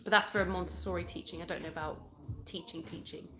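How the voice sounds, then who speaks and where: A woman's voice: lowish voice, steady tone, quick pace, sharp tone, soft background music. A British woman from England in her thirties, chatting casually on a home live stream and answering viewer comments. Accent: British English. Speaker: livestream host. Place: indoors at home.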